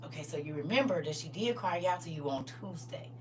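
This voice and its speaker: Woman playing jesus begging dad to calm down, soft and pleading, bright voice a bit far off. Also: high voice, a little fast, a little hiss or hum, pitched above the performer's own voice. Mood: soothing. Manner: pleading, soothing. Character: pleading male Jesus calming his father.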